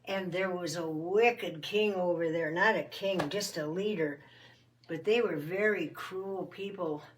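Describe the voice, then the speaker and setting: A woman casually telling a Bible story in a homey, rambling way, with fillers and quick self-corrections. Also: lowish voice, distant mic, a little hiss or hum, low-quality recording.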